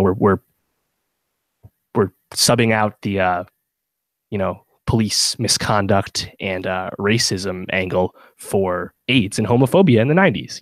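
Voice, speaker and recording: A man's voice: on the low side, dry recording. A man co-hosting a podcast in casual chat, rambling with many fillers and restarts. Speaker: podcast co-host.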